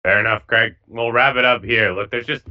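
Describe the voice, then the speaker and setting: A man's voice: mid-range voice, fairly even intonation, fairly quick. A man interviewing on a casual podcast, plainspoken and laughing easily. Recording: dull lo-fi audio.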